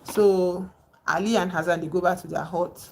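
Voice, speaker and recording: This is a woman talking on a live stream with a slightly low-pitched voice. She retells a novel in a loose, conversational way and keeps stopping to greet people in the chat. Faint background noise sits under her voice. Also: steady tone, moderate pace, creaky. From Nigeria. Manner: chatty, digressive, breaks off to greet viewers.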